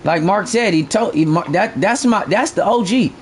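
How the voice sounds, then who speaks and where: A man with a high voice streams a fishing game and talks straight to his chat. He is blunt and profane and circles back to the same point again and again. Faint ambient noise sits under his voice. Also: moderate pace. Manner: blunt, profane, repeats himself while ranting. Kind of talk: live stream commentary.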